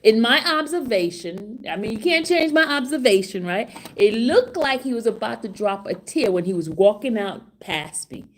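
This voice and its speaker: A middle-aged woman vlogging casual commentary outside a courtroom, excited and laughing, repeating herself. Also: a little high, normal speed, hardly any pauses. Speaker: trial vlogger. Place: outside a courtroom, hallway area.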